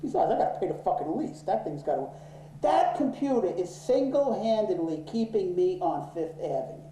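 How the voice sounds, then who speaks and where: Dark-voiced, profane storytelling man. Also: high voice, big pitch swings, normal speed, slight background noise. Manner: swears freely, gets worked up and loud in anger. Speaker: interviewee, office owner. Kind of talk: profane, animated storytelling in an interview. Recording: roomy echo.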